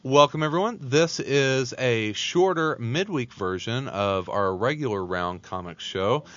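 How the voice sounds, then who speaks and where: A man hosting a relaxed roundtable chat, his voice swinging up and down in pitch. He plays a loose, upbeat emcee. The audio is muffled and lo-fi. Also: a little slow. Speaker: podcast host.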